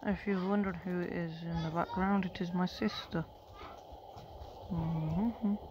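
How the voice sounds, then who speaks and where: A woman giving casual commentary while playing a game on her phone, chatty and reacting out loud, sometimes dropping into a whisper. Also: lowish voice, steady tone, measured pace, lo-fi sound. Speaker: gameplay commentator. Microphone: phone screen recording. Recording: phone recording with loud background noise.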